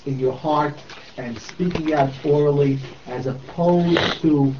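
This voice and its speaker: A man's voice: on the high side, takes it slowly. A man in a class asking the teacher a hesitant question. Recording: distant, dull lo-fi recording with faint noise.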